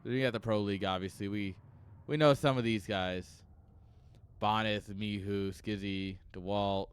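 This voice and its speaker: A man's voice: lowish voice, steady tone, moderate pace, clean tone. Male stream caster, casual and profane, tipsy and rambling. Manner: loose, rambling and profane, laughs between thoughts. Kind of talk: casual livestream chat. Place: at home.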